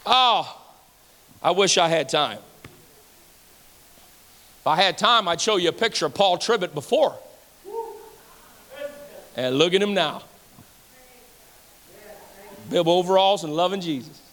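A male pastor preaches in a church sanctuary, his high, bright voice climbing through repeated refrains until he is shouting. His manner is folksy, with drawled fillers between lines. A long reverb from the hall trails behind every phrase. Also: lively intonation, a little slow, pauses often. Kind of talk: sermon.

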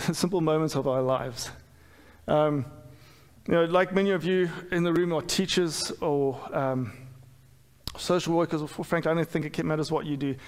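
A middle-aged man preaching a sermon in a church, candid and self-deprecating, with many fillers and restarts. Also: fairly high pitch. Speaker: pastor. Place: church hall. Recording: long hall reverb.

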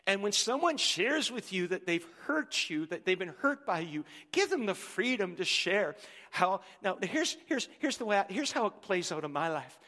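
A middle-aged man preaching a sermon as pastor, animated and joking with the congregation. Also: sits high, moderate pace, long reverb tail.

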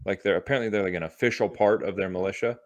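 A young man co-hosting a casual podcast, slangy and making deadpan jokes. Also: low voice, very fast. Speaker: podcast co-host. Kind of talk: casual chat.

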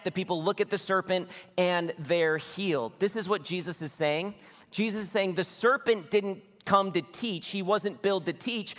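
A man preaching a sermon as pastor, earnest and exhorting in quick bursts. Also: sits high, fairly bright tone, big-room sound.

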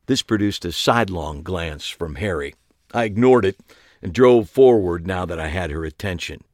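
A man's voice: low-pitched, normal speed, no room sound, clean studio sound. A man narrating a first-person audiobook in a wry, conversational way.

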